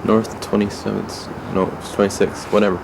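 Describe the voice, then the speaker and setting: A man's voice: lowish voice, flat delivery, moderate pace, gravelly. A man giving a rambling house tour with wry asides, recorded on a 1990s camcorder at home. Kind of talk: casual handheld house tour. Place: family house, indoors and garden. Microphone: camcorder built-in mic. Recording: noisy 1990s camcorder audio.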